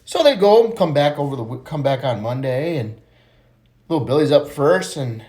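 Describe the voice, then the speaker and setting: A man's voice: mid-range voice, animated, moderate pace, darkish tone, slightly rough. A man telling jokes in a casual, chatty way and laughing at his own punchlines. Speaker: joke teller.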